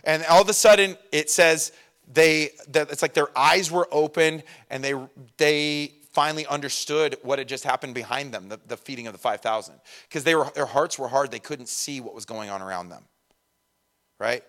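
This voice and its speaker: A young man preaching a sermon in a casual, animated way, acting out quick voices of the people in his story. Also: a little high. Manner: animated, acts out voices of disciples and Jesus. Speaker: pastor.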